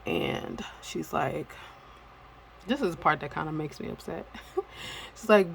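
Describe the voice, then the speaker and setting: Woman vlogger, gravelly fry, rambling candid delivery. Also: fairly low pitch, lively intonation, unhurried, long pauses, a bit bright, slight background noise, rough recording. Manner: candid, rambling with many fillers. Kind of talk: casual personal storytelling.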